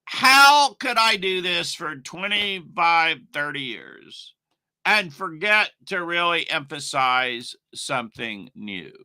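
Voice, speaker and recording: A man's voice: a little high, very animated, takes it slowly, pushed and bright, clear, resonant tone, no echo. A middle-aged man teaching online marketing on a casual live stream, rambling and emphatic, with asides to his viewers.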